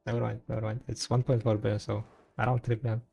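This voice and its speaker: A man's voice: mid-range voice, flat delivery, quick pace, vocal fry, breathy edge, dull audio, soft background music. A man chatting casually on a gaming stream in a rambling, laid-back way, full of fillers and restarts. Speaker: game streamer.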